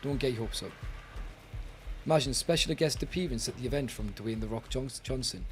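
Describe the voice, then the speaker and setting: A man's voice: medium pitch, a little fast, faint music behind. A British man streaming a game live, chatting with viewers and grumbling in exasperation. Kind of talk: live gaming commentary.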